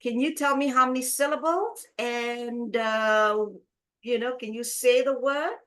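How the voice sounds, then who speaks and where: A woman's voice: on the high side, fairly bright tone. A woman teaching an English lesson, drawing out words to model stress and asking learners questions. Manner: drawn-out modeling of word stress. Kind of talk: online business English lesson.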